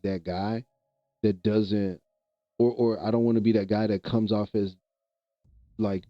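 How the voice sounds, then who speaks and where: A man's voice: lowish voice, dry recording, highs cut off. A man from the American Midwest chatting casually with viewers on a livestream, laid-back and rambling, often repeating himself. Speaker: streamer.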